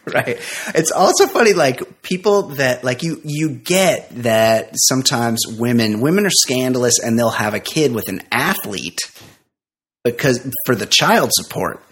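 A man co-hosting a casual comedy podcast, trading jokes with his partner. He reads stories aloud with a chuckle and talks in quick, loose banter. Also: mid-range voice, expressive, a bit bright. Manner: laughs while reading, quick banter. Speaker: podcast co-host.

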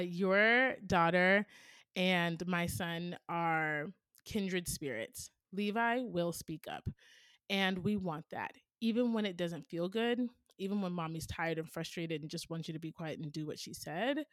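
A woman's voice: fairly low pitch, dry recording, studio quality. A woman in her thirties, a podcast host giving casual parenting advice in an earnest, storytelling way with lots of "like" and "right?". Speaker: podcast host answering a listener question.

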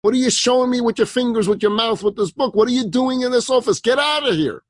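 A man doing a furious shouting woman clerk. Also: extremely high pitch, fast talker, no echo, studio quality, voice pushed up. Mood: enraged. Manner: yelling, hostile.

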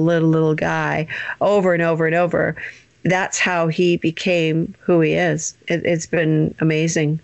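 A bubbly woman talking as a guest on a podcast, her voice jumping high whenever she gets excited and breaking into laughs. She sits at an average pitch for a woman. The sound is dry and close, with no room around it. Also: no room sound. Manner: bubbly, laughs often, big leaps in pitch. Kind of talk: casual interview chat.

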